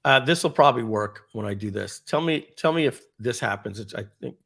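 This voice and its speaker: A man with a New York accent leads a live webinar over a video call, walking through software as he goes. His voice has a gravelly, creaky edge, and he talks in a chatty, think-aloud way. He gets excited as he shows off each tool. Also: mid-range voice, brisk. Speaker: webinar host.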